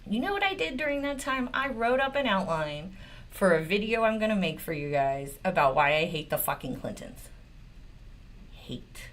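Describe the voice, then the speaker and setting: A woman lawyer runs her own commentary channel, ranting about politics with a medium-pitched, slightly bright voice that's very animated and a little fast. Blunt and sarcastic, she swears often and mocks her subjects with open exasperation.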